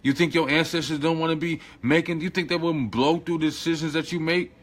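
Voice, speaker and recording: A man's voice: a little high, steady tone, a little fast. A man giving an informal spiritual lesson, slangy and emphatic, repeating phrases and coaching the listener directly. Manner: talks straight to the listener, coaching tone. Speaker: spiritual teacher.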